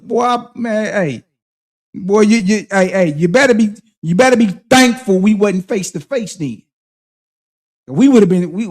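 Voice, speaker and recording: A man hosting a livestream, preaching and confronting his critics in heated, slang-heavy commentary. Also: high voice. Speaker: livestream host.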